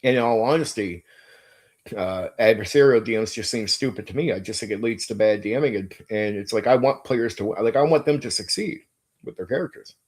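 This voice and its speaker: A man's voice: on the low side, fairly quick, a little mellow. A man hosting his own channel, giving a blunt, emphatic monologue about how he runs tabletop games, with frequent swearing and casual "like, dude" fillers. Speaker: game master and channel host.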